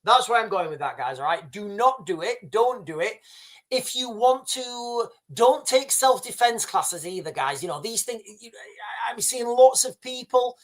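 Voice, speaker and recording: A man's voice: very high-pitched, animated, moderate pace, a bit bright. A man hosting a livestream, giving blunt, emphatic advice to his viewers, repeating his points with many restarts. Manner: frequent restarts and fillers. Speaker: livestream host.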